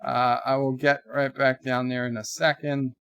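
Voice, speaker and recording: A man's voice: medium pitch, flat delivery, moderate pace, a bit bright, clean tone, no room sound, studio quality. A man in his forties hosting a livestream, chatting casually and reading viewer messages aloud in a lifted voice. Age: 40s. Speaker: livestream host. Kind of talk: casual live commentary, reading viewer chats.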